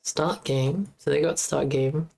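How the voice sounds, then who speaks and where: A woman streaming as she debugs her game, muttering to herself in a halting, casual way. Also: low-pitched, creaky, warm tone, breathy edge. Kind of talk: casual live-stream coding commentary.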